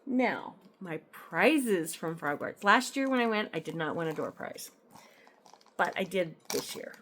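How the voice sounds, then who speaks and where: A woman's voice: fairly low pitch, lively intonation, unhurried, fairly bright tone, slight background noise. A woman chatting casually at home as she shows off her cross-stitch finds, rambling into asides with frequent ums. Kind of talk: casual show-and-tell chat. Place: at home in an apartment.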